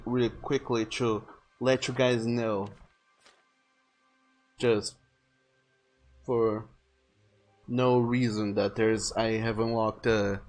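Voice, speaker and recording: A man streaming a video game live, chatting casually, reading viewer messages aloud and swearing freely. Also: medium pitch.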